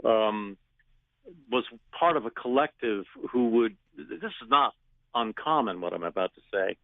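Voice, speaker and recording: A man telling stories in a phone interview, animated, laughing often and restarting his sentences. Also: mid-range voice, creaky, no echo. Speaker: actor guest. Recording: phone line.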